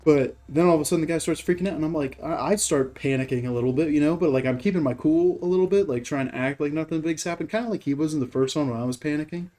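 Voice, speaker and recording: A man's voice: fairly high pitch, quick pace, hardly any pauses, warm tone, soft background music. A man hosting a gaming channel who tells a rambling, profane story while playing, full of fillers and rhetorical questions.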